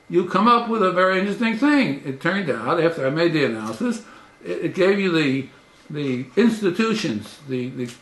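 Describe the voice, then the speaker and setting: A man, a professor, giving a lecture in a halting way, restarting phrases and stressing words with sudden rises. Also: a bit bright, echoey room. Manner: halting, with repeated restarts and frequent pitch jumps for emphasis.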